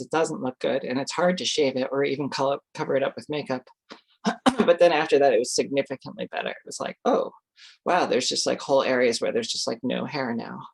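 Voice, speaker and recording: An adult speaking in a loose, rambling vlog style, circling back with plenty of filler words. The talk is salty with casual swearing. Their own remembered reactions get acted out as quick little asides, with a mid-range voice. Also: medium pitch, gravelly, husky. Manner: chatty, lots of fillers, swears freely, acts out its own reactions. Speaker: vlogger.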